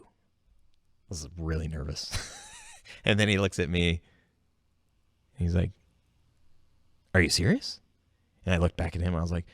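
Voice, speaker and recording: A man hosting his own podcast, telling stories in a casual, animated way and jumping up in pitch when he quotes himself. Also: a little slow, creaky, pauses often, no room sound, studio quality. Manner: animated storytelling, jumps high when quoting himself. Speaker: podcast host. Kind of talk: casual solo podcast monologue.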